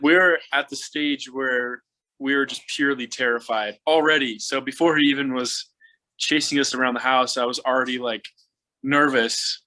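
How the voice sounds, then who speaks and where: A man's voice: medium pitch, fairly even intonation, moderate pace, bright, forceful tone, rough recording. A man casually telling a shared family story, chiming in with added details.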